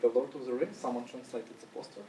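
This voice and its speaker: A man's voice: mid-range voice, lively intonation, fast talker, warm tone, far from the mic, slight background noise. Man presenting to an echoey room. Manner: loose, with many fillers and restarts. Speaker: conference speaker. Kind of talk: casual presentation talk. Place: conference room with audience.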